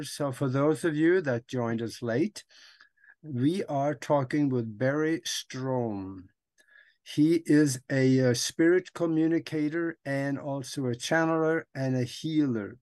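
A man's voice: medium pitch, unhurried, a little mellow, no room sound. Dry-voiced male talk show host. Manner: speaks straight to the audience as "folks". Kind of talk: interview talk show hosting.

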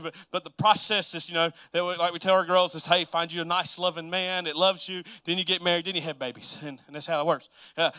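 A man preaching a sermon, chatty and laughing, acting out Bible figures in quick voices. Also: high-pitched, sharp tone, clear, resonant tone, no room sound, clean studio sound.

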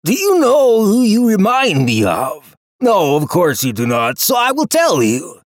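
A man voicing a huge, boastful male gladiator woodsman who talks in a calm, mocking, formal way in an audiobook. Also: sits high, unhurried, no room sound, studio quality, pitched above the performer's own voice, heavily acted. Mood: taunting.

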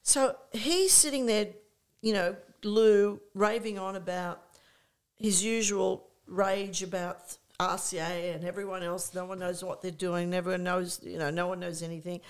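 An older woman, a guest on an interview show, telling anecdotes in a lively, rambling way, restarting sentences and acting out what people said. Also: on the low side, measured pace, smooth. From Australia. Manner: animated anecdote-telling, many restarts, acts out quoted people. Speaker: interview guest, music promoter. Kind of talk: casual storytelling chat.

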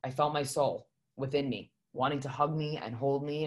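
A woman's voice: a bass voice, fairly even intonation, normal speed, few pauses, darkish tone. A woman telling a personal story in casual conversation, blunt and emphatic, swearing freely and speaking from the heart. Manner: heartfelt, confessional.

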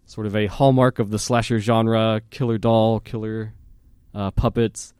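A man hosting a podcast, telling a childhood story in a casual, animated way, with fillers and laughing at himself. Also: on the low side, unhurried, clear, resonant tone, no echo, studio quality. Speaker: podcast host.

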